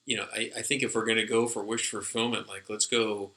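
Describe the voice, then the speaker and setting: A man's voice: on the low side, flat delivery, brisk, background noise. A man co-hosting a casual discussion, rambling with many fillers and restarts as he thinks aloud. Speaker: podcast co-host.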